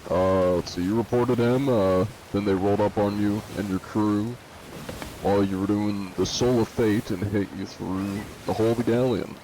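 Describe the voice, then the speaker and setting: Laid-back low-voiced male streamer. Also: steady tone, moderate pace, warm tone, slight background noise. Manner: reads viewer comments aloud and answers them offhandedly; laid-back, joking, chuckles often. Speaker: live streamer playing a pirate game. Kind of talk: casual live-stream chat while gaming.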